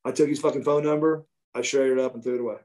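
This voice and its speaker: A man, a former wrestler, telling profane, animated backstage stories as a guest in a casual interview. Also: medium pitch, rapid-fire.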